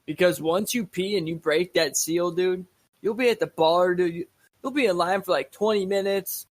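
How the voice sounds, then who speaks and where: A man's voice: sits high, moderate pace, dry recording. A young man co-hosting a podcast in casual chat, laid-back and rambling, swearing freely. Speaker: podcast co-host.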